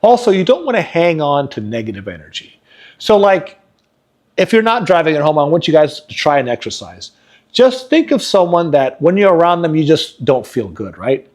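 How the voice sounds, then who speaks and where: Lively, expressive man telling stories. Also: fairly high pitch, moderate pace. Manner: earnest motivational storytelling. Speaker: podcast co-host. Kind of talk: casual podcast chat.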